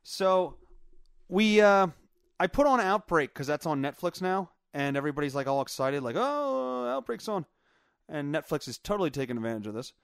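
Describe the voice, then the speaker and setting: A man's voice: on the high side, fairly quick, a bit bright, smooth, no echo, clean studio sound. A man hosting his own podcast from his home basement, chatting casually in a rambling, profane way with lots of filler words. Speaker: podcast host. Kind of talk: casual solo chat.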